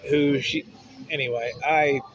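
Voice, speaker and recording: A man's voice: on the high side, steady tone, measured pace, a bit bright, rough recording. A man ranting bluntly and profanely in a rambling personal vent to camera. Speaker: vlogger.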